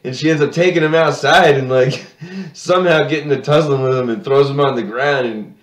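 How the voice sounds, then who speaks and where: A man's voice: medium pitch, a little fast. Laughing man telling stories, echoey room. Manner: laughing storyteller, acts out voices. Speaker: podcast co-host. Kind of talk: casual chat.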